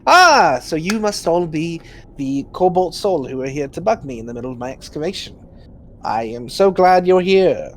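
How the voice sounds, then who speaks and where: A man's voice: on the high side, very animated, normal speed, a bit bright. A man voicing a sarcastic, irritable tiefling scholar.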